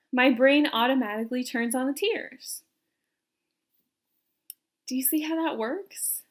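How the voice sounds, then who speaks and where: Woman, young adult, high voice, earnest, confiding, self-help video talk. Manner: earnest, confiding, asks the viewer questions. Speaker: personality coach.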